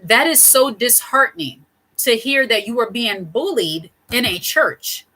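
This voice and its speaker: Bright-voiced chatty woman host. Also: on the high side, lively intonation, measured pace, poor audio. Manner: chatty, digressive, laughs often. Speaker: channel host. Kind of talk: casual advice talk to camera.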